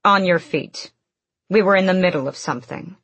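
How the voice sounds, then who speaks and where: A woman's voice: deep voice, takes it slowly, fairly bright tone, breathy edge, dry recording, heavily acted. A woman reading the lines of a fierce, commanding female witch with a cool, amused, clipped delivery, in an audiobook.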